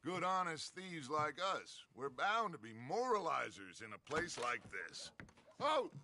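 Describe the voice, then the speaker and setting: Dutch, grandiose outlaw boss. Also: male voice, on the high side, measured pace, slight background noise, exaggerated voice. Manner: grandiose, flattering and theatrical. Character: charismatic smooth-talking male outlaw gang leader.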